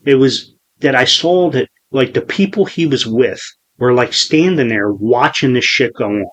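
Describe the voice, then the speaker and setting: A man in his forties hosts a casual podcast chat. His voice sits at an average pitch, and he rambles through his story with plenty of swearing and false starts. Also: expressive, normal speed, lo-fi sound. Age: 40s. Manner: profane, rambling storyteller with many restarts. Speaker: podcast host.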